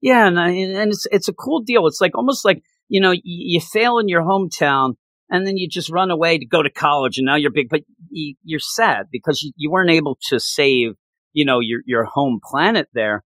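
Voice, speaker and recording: A man chatting casually as a podcast host, reviewing a comic book with excited, gushing enthusiasm and lots of stumbling restarts. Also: a little high, moderate pace, dry recording.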